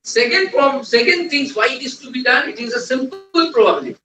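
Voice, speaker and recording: A man's voice: very high voice, animated, fast talker, sharp tone, faint music behind. A man teaching a technical class, quizzing the room and repeating key points. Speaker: trainer. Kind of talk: classroom lecture. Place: lecture hall. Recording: echoey room, distant mic.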